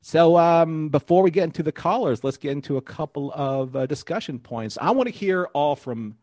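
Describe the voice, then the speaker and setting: A man's voice: on the high side, animated, moderate pace, a little mellow, no echo, studio quality. A man co-hosting a live podcast, chatting playfully and recapping an episode with puns and laughs. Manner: playful, jokey, laughs at his own puns. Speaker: podcast co-host.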